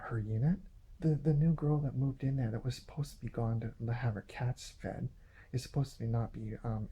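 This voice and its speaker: A man's voice: mid-range voice, dark tone, a little hiss or hum. A man delivering an aggrieved, repetitive, accusatory monologue straight to camera. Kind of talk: ranting monologue vlog.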